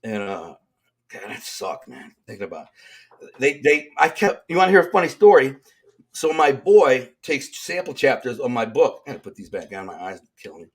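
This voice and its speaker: A man's voice: mid-range voice, moderate pace. Streetwise Detroit man telling prison stories. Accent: Detroit, Michigan. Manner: streetwise, animated, acts out quoted dialogue. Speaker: interview guest, author. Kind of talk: storytelling in casual interview.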